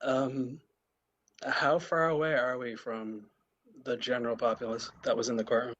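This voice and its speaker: A man's voice: medium pitch, level tone, moderate pace, a bit bright, a little hiss or hum. A man playing in a tabletop game, casual, with joking sarcastic asides. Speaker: player. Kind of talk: tabletop role-play, casual. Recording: dull lo-fi sound.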